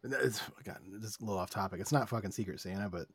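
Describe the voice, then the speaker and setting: A man's voice: fairly low pitch, very fast, breathy edge, dry recording. A man co-hosting a podcast, talking frankly in casual chat. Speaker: podcast co-host.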